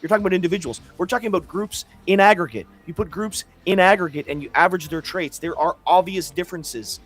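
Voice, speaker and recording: A man's voice: sits high, quick pace, a bit bright, soft background music. A man co-hosting a live stream in casual talk, emphatic and profane, stumbling over repeated words.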